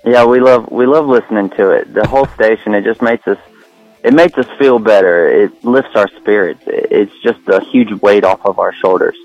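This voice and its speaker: A man's voice: lowish voice, normal speed, darkish tone, muffled recording, faint music behind. A man calling in to a radio show by phone, friendly and a bit hesitant, laughing shyly. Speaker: radio caller. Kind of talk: casual phone-in chat. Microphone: phone call.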